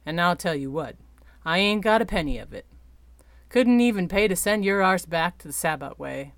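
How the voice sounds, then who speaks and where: A woman voicing a gruff, coarse-talking male airship captain who growls and speaks bluntly. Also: fairly low pitch, expressive, moderate pace, dry recording.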